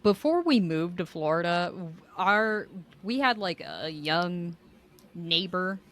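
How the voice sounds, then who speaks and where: Bright-voiced young woman, laughing and chatty. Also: on the low side, lively intonation, slow. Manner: laughs often, candid and chatty. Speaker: podcast co-host. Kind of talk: casual chat.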